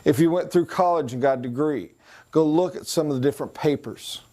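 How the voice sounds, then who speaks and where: A man with a mellow, warm voice leads a sales training class. He talks conversationally and acts out quick voices and accents as examples. Now and then he slows to write on a board. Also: a little high. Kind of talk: recorded training lecture.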